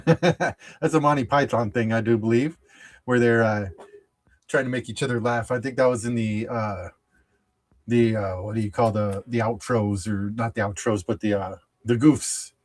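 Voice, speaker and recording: A man's voice: mid-range voice, fairly even intonation. A middle-aged man hosting a sports card show, chatting casually while opening packs, chuckling often and trailing off into fillers. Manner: chuckles often, easily amused; halting, lots of fillers and restarts. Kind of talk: casual pack-opening chat.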